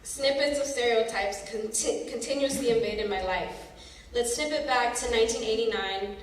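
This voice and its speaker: A woman in her thirties from San Francisco telling a personal story on a theater stage, expressive and dramatic. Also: on the high side, moderate pace. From San Francisco, USA. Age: 30s. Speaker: storyteller performer. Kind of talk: spoken-word personal storytelling. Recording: echoey hall from far off, faint noise.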